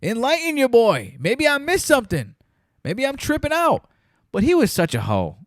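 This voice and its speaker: A man's voice: very high-pitched, wildly swooping pitch, moderate pace, dry recording, studio quality. A man hosting a podcast, chatting casually about a movie and acting out scenes in quoted voices. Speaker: podcast host. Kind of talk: casual movie review chat.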